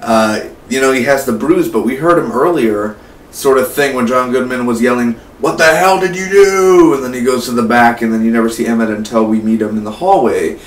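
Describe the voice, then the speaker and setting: An eighteen-year-old man giving a casual, rambling spoiler review of a film. He gets excited and keeps tossing in "man" and "like". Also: medium pitch, fairly quick. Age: late teens. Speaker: movie reviewer. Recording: echoey room, mic at a distance, faint hum.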